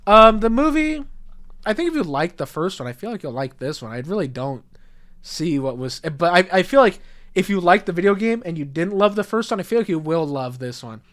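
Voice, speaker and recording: Animated young man, bit higher voice. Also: brisk. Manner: animated storyteller, swears, acts out quotes. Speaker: podcast co-host. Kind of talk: casual podcast chat.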